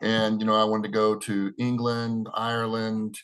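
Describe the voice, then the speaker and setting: A man's voice: fairly low pitch, completely flat delivery, moderate pace, a bit bright. A middle-aged American man, a wrestler, answering interview questions in a rambling way with many restarts and "you know"s. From United States.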